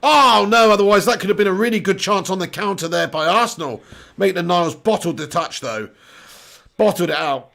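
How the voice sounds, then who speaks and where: A man hosting a live football watch-along, chatting casually, reading out viewer comments and breaking into excited play-by-play. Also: high voice, fairly quick, creaky.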